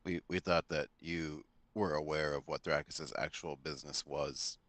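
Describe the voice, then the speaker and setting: A man talking as a player in a tabletop game, relaxed and explaining his plans at length. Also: rumbling low, moderate pace, no room sound.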